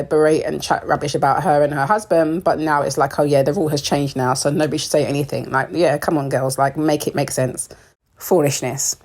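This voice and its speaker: This young British woman hosts a reality TV recap, her low voice a touch mellow. She offers casual, opinionated takes on the show, laced with sarcasm and frequent laughter.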